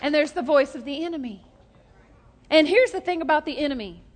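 A woman preaching a humorous sermon, animated and joking, drawing the congregation into call-and-response. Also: sits high, brisk, long reverb tail.

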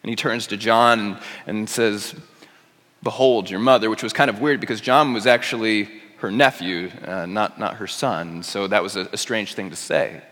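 A man preaching a sermon, moving from hushed, quiet passages to impassioned, rising ones. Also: on the low side, normal speed, hardly any pauses. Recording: long hall reverb.

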